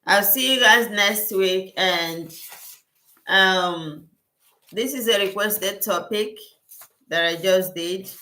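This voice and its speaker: A woman with a medium-pitched, pushed and bright voice speaks slowly with frequent pauses as she fields viewer questions on a relaxed livestream; she works as a skincare consultant. She talks effusively, repeats herself, and thanks her viewers a lot. The audio has a roomy echo.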